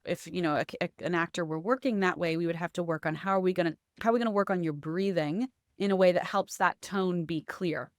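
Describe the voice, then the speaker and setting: A woman's voice: lowish voice, a little fast, hardly any pauses, no room sound, studio quality. A woman voice and accent coach explaining her methods in a conversational interview, often checking in with "right?".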